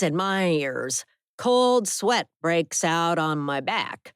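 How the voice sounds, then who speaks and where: A woman narrating an audiobook in a measured, deliberate scripted read. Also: on the low side, sing-song, clear, resonant tone, no echo, studio quality.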